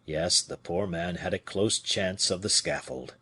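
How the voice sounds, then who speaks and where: A man voicing a low, subdued old falconer. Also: fairly even intonation, unhurried, bright, forceful tone, breathy edge, no room sound, heavily acted. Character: humble, regretful royal falconer, man.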